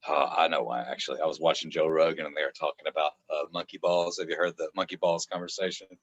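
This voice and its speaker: A man's voice: rumbling low, fairly even intonation, fast talker, slight background noise. A man talking casually on a podcast, a rambling storyteller who laughs a lot and often restarts his sentences. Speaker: author guest. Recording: dull, dry lo-fi sound.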